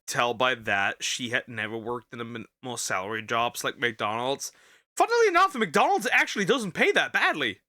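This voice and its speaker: Bright, lively young man riffing sarcastically. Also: medium pitch, moderate pace, no room sound, clean studio sound. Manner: lively, sarcastic, stumbles and repeats himself. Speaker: VTuber host reacting to a video. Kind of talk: casual reaction commentary.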